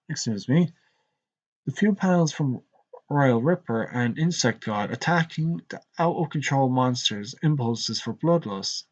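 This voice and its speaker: A man's voice: medium pitch, lively intonation, slow pace. A man with a rural Irish accent, rambling conversationally as he streams his commentary straight to his viewers. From Ireland. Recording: dull lo-fi live stream audio.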